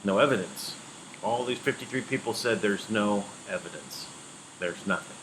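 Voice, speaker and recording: A man's voice: fairly low pitch, normal speed, a bit bright, slight background noise, rough recording. Jokey man hosting a chat show. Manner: jokey, laughs at his own lines. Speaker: podcast host. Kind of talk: casual chat.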